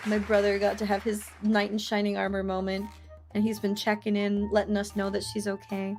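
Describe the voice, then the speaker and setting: A young woman streamer chatting casually, telling family stories with playful, loud acted-out quotes. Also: medium pitch, monotone, brisk, soft background music, a faint crowd. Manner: chatty storytelling, playful, acts out quotes loudly. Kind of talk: casual chat.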